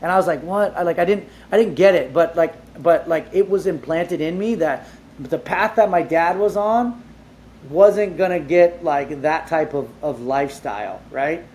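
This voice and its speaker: A man being interviewed, telling his life story in a casual, animated way, with lots of "like" fillers and casual swearing. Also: a little high, moderate pace. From Southern California. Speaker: entrepreneur guest.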